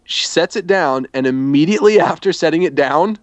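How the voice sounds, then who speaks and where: A man's voice: a little high, a little fast, no echo. A man talks his way through a travel mishap, circling back and restarting his sentences as he goes. The sound is dry and close, with no room around it. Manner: rambling, self-correcting storytelling. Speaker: storyteller in a chat. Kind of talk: casual chat.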